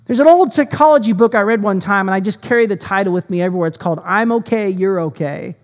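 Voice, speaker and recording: A pastor delivering a passionate sermon in quick, animated bursts and restarting sentences often. The voice has a mid pitch and carries a long reverb from a large hall.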